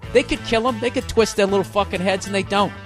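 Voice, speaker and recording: A man's voice: high voice, steady tone, fast talker, over music. A male comedian on a podcast, delivering a heavily profane, sarcastic rant in a hot indoor room.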